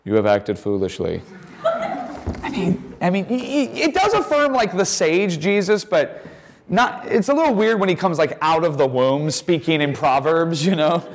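Animated man teaching a Bible lesson. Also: sits high, normal speed. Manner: animated, acts out quoted lines in character voices. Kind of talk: classroom Bible lesson with text reading.

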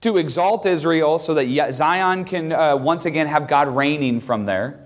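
A man teaching a classroom Bible lesson, talking emphatically and reading scripture aloud in a raised voice. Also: normal speed. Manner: emphatic, reads scripture aloud with rising pitch.

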